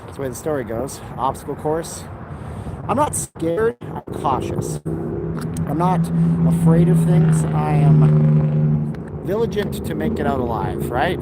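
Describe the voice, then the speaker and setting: A man's voice: fairly high pitch, creaky. A man live-streaming a walking vlog outdoors along busy roads, chatting in a rambling way with sarcastic asides, on a handheld phone. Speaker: vlogger. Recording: outdoor street with traffic noise.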